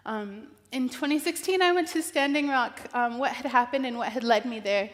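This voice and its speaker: A woman from northern New Mexico speaks in a fairly high voice, giving an earnest personal keynote. She talks haltingly, restarting lines and filling gaps with "um," and she is close to tears. Her voice rings out with the long reverb of a large event hall. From northern New Mexico, US Southwest. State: emotional.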